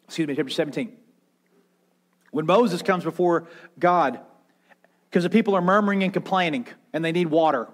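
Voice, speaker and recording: A man pastor preaching a sermon, swinging from intense raised passages to hushed quiet ones and acting out voices as he retells. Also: a little high, normal speed, long pauses. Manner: preaching with rising intensity and dramatic quiet drops; acts out quoted voices in his retelling.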